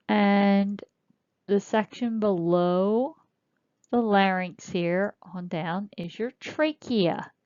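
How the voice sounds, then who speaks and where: A woman teaching a recorded lecture, explaining slowly and spelling out terms as she points. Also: medium pitch, darkish tone, dry recording. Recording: dull lo-fi dry recording.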